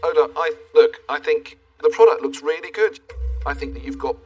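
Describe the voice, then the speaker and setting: A man's voice: fairly high pitch, normal speed, darkish tone, breathy edge, muffled recording. A man investor reassuring and advising an entrepreneur. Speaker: investor on a panel. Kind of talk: advice to an entrepreneur. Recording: distant mic with faint music.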